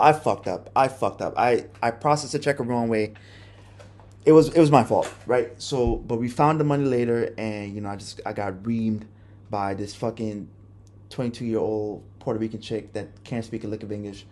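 A man's voice: on the low side, darkish tone. A young man hosting a podcast, telling a personal story in a candid, profane, rambling way with many restarts. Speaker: podcast host.

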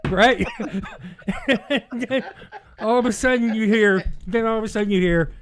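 A man telling a rowdy story in casual podcast chat, animated and often laughing through his own words. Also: high-pitched, a little slow, background noise.

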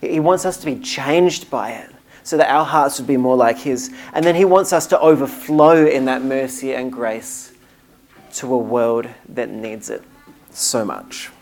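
Brief: emphatic, earnest preacher mid-sermon, mid-range pitch. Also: a little slow, a little mellow. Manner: earnest, emphatic, with small restarts.

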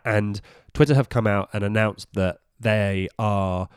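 A British man co-hosts a tech podcast, joking and then explaining things patiently. His voice sits low. The sound is dry and close. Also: fairly even intonation, a little slow, clear, resonant tone, no room sound. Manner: jokey, explanatory, chatty. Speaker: podcast co-host. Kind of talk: casual tech chat.

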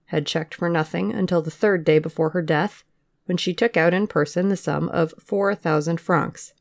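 A podcast reader giving a measured audiobook narration of witness testimony. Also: mid-range voice, vocal fry. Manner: measured, even-paced reading of witness testimony.

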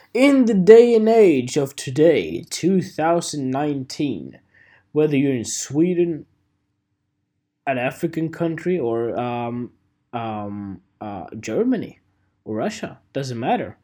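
Young man, 20s, solo podcast host, slow unhurried pace, self-mocking, jokey, fillers, casual swearing. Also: medium pitch, very animated, mellow. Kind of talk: rambling solo podcast talk.

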